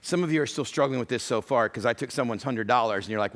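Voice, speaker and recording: A man's voice: mid-range voice, fast talker, a bit bright, slight background noise. A middle-aged man preaching a church sermon, full of humorous storytelling. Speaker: pastor.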